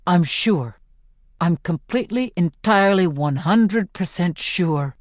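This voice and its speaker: A woman reading the part of a devoted young man in an audiobook, her voice dropped a little lower and kept calm and plain-spoken. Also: a little slow, no echo, studio quality. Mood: steady.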